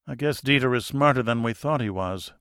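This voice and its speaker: A man voicing a calm, capable young woman researcher who speaks in a hushed, low voice. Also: fairly quick, smooth, no echo, studio quality, natural voice.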